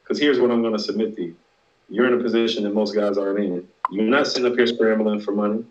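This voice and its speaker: A man's voice: on the low side, fairly even intonation, fast, darkish tone, a little hiss or hum. A man argues his point on a casual podcast, blunt and emphatic, stacking repeated words to hold the floor. His voice sits in a roomy space with some echo. The sound is a little dull and muffled. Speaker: podcast co-host. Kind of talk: heated casual debate.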